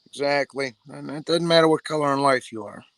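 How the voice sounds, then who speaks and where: A man with a slightly high, gravelly, somewhat bright voice talks a little fast in a dry recording. Hosting a boxing talk show, he rambles casually, swears, and addresses his viewers as "bro" in a streetwise way.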